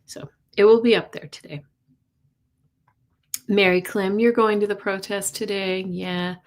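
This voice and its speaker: A woman's voice: medium pitch, fairly bright tone. A woman hosting a casual live stream as a psychic reader, greeting viewers by name in a chatty way.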